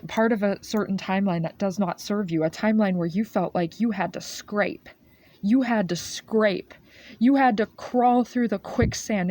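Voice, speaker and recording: A woman's voice: medium pitch, warm tone, lightly acted. A firm, smiling male archangel, as a woman relays him. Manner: firm, emphatic, reassuring.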